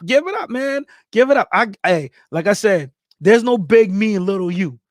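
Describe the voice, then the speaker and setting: Hyped male streamer giving shout-outs. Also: high voice, lively intonation, normal speed, no echo, studio quality. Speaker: livestream host. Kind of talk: casual livestream chat reading viewer comments.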